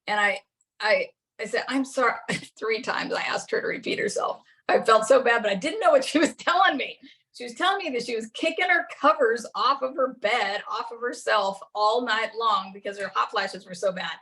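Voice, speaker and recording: A middle-aged woman presenting to a class gives a casual, chatty talk full of anecdotes, often laughing as she shares her own story. Her voice is a little high and bright, animated and forceful, at a moderate pace.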